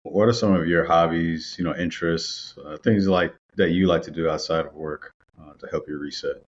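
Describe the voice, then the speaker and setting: Male podcast host, very deep voice, muffled lo-fi audio, relaxed with lots of uhs. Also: normal speed. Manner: relaxed, with frequent "uh" fillers. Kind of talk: casual podcast hosting.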